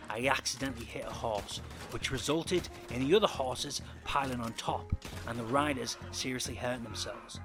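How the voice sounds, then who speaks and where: A man narrating a first-person story with dramatic storytelling delivery. His voice is bright and forceful at a middle pitch, with faint music behind.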